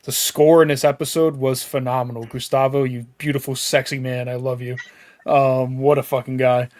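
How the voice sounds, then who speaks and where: A man co-hosting a casual podcast, excitable, swearing freely and laughing as he talks. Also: mid-range voice, normal speed, dry recording. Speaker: podcast co-host. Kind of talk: casual live-stream chat.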